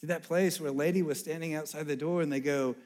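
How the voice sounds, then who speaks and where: A man delivers a sermon story in a slightly high voice. He tells it in an animated way and slips into the voices of the people in the story. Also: quick pace.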